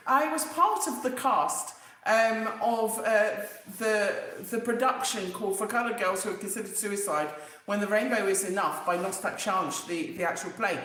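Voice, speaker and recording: A woman, hosting a casual live stream, animated and emphatic, repeating herself and talking straight to viewers. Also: fairly high pitch. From England. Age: 50s. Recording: very echoey room.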